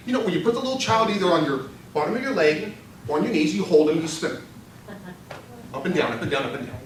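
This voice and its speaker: An older man giving a humorous storytelling speech at a contest, animated and laughing through his own punchlines. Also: on the high side, fast, far from the mic, a crowd in the background. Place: meeting hall. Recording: echoey hall recorded from afar.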